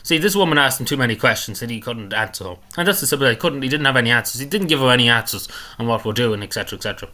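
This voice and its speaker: A man talks quickly and with some force in a bright tone. He rambles through an indignant commentary on a clip and keeps circling back to the same points. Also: mid-range voice, expressive. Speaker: political commentator. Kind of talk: casual commentary on a video clip.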